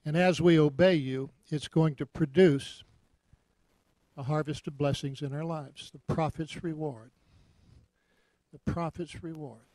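A man with a Texas accent preaches to a congregation in a folksy, joking way, hot and sweating as he goes. His voice sits a little higher than most men's. The sound is close and dry, with little room in it. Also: steady tone, a little slow, warm tone, no echo. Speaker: visiting minister. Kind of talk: sermon and offering appeal.

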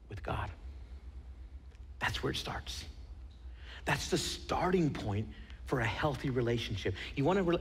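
A man preaching a sermon in a theater, telling a story with animated emphasis and dropping to a hushed, near-whispered delivery at moving moments. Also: medium pitch, slightly rough, big-room sound. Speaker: pastor.

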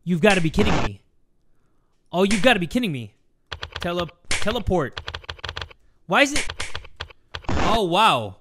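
A man giving excitable let's-play commentary, shouting and swearing at the game. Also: high voice, unhurried, long pauses, background noise. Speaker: gaming YouTuber.

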